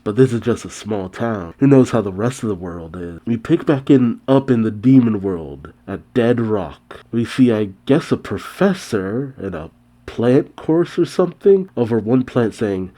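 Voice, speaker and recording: A man hosting a manga reaction, narrating the chapter and commenting with slow, dry, mildly wry remarks. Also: fairly low pitch, expressive, dark tone.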